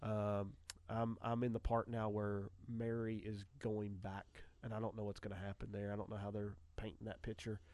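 A man hosting a radio talk show in casual chat, an animated storyteller with frequent restarts. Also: lowish voice, normal speed, no echo.

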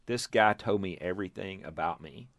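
In a low voice at normal speed, a church planter in his fifties from Texas relates an extended testimony to a casual group, bringing quotes to life, letting out chuckles, and restarting as he goes. There is no echo in the recording.

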